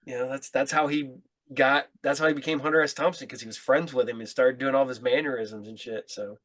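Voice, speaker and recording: A mask maker guesting on a podcast in a studio tells stories during a casual chat, laid-back and rambling, laughing often. His mid-range voice is a bit bright, fairly even in intonation, and brisk.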